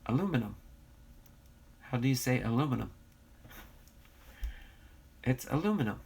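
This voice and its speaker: A man's voice: medium pitch, very animated, moderate pace, gravelly, a little mellow, breathy edge. An American man hosting a casual livestream, reading viewer comments aloud and bantering, with a slightly nasal voice. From United States. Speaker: livestream host.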